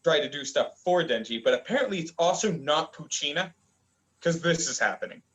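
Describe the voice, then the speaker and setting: A young man talking through a casual review with a friend. His voice sits a touch higher than most men's. He rambles, restarts and fills gaps with ums and uhs. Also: lively intonation, fairly bright tone, rough recording. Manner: rambling, halting with many fillers. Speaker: manga review co-host. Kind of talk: casual chat.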